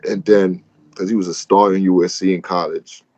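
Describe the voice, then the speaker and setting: A man's voice: deep voice, flat delivery, moderate pace, mellow, no echo, lo-fi sound. A man co-hosting a casual podcast, talking loosely with lots of fillers. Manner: loose and conversational, many "um"s and "man"s. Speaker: podcast co-host.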